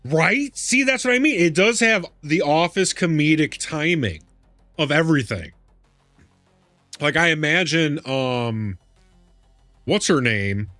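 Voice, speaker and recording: A man live streaming a game, chatting casually and reacting excitably, laughing and swearing as he goes. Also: on the high side, takes it slowly, long pauses, dry recording, faint music behind. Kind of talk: casual chat while gaming.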